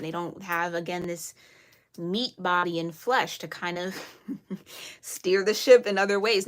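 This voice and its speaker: A woman's voice: fairly low pitch, fairly bright tone, a little hiss or hum. A woman giving a spoken tarot reading to her viewers. She is earnest and emphatic, scolds playfully, repeats phrases to reassure and laughs often. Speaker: tarot reader.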